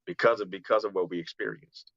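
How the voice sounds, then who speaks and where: A man's voice: on the low side, steady tone, quick pace, creaky, a bit bright, no echo, muffled recording. A man hosting a radio talk show, speaking earnestly and often restarting his phrases as he reflects. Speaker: radio show host and poet. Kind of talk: conversational talk, then spoken-word poetry.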